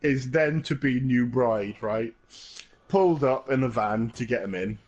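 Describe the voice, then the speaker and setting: A man's voice: medium pitch, unhurried, darkish tone, lo-fi sound. A young man co-hosting a podcast, telling rambling anecdotes in casual chat and swearing freely. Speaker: podcast co-host.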